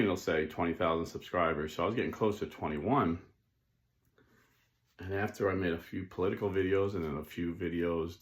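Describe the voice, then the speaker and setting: A man's voice: low-pitched, a bit bright. A man hosting his own channel, talking casually to his supporters in an earnest, folksy, self-deprecating way, with many fillers and restarts. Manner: earnest, folksy working-class talk. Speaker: channel host.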